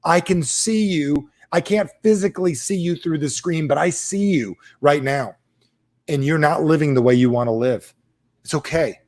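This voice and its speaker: A man's voice: fairly high pitch, moderate pace, darkish tone. A man giving an urgent live-streamed motivational talk, speaking straight to viewers and asking them question after question.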